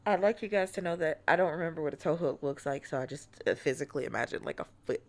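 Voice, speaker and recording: Gravelly low-voiced woman streamer. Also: animated, fast. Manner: laughs often, playfully exasperated, dips to whispers. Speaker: streamer hosting a watch-along. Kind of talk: casual stream commentary.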